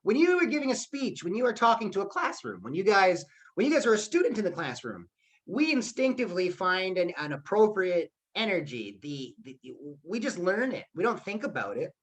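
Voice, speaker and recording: A man with a high, very animated voice talks briskly while teaching a public speaking lesson over an online video call. He keeps things upbeat and acts out the voices of the people quoted in his examples.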